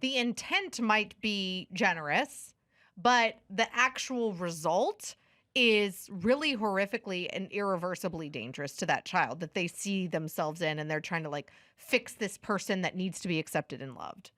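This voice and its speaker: A woman's voice: fairly low pitch, expressive, moderate pace, a bit bright, dry recording, studio quality. A woman co-hosting a podcast, chiming in with quips and agreement in casual chat. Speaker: podcast co-host.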